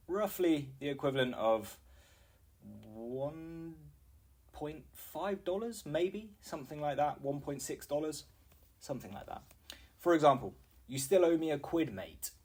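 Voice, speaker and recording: Slow, husky British man teaching slang. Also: medium pitch. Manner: slow, clear teaching delivery with acted example sentences. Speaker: English teacher. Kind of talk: explaining British slang to learners.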